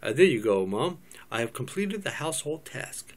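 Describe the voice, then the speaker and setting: A man's voice: medium pitch, sing-song, normal speed, lightly acted. A scheming eight-year-old girl who talks with sly, knowing confidence, read by a man in a cold reading. There is little voice change, so it stays close to an ordinary man's speech. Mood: mock polite.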